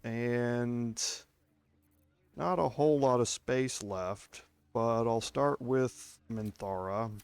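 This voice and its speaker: A man's voice: mid-range voice, slow pace, clear, resonant tone, no room sound. A man with a Texas accent giving casual, step-by-step commentary while playing a video game. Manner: chatty, explains step by step. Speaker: gameplay streamer.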